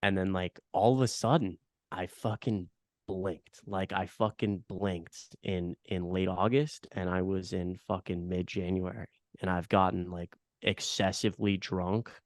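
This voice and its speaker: Deep-voiced young man, swearing, casual. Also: fairly even intonation, measured pace, no echo. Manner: filler-heavy, swearing, enthusiastic agreeing. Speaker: podcast host. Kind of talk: casual podcast chat.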